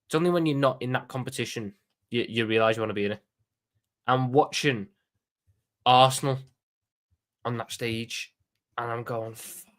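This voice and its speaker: He's a man from Liverpool with a Scouse accent, and his mid-range, fairly bright voice moves at normal speed with frequent pauses. As host of a live watchalong stream, he chats casually and animatedly, swearing a lot and repeating words.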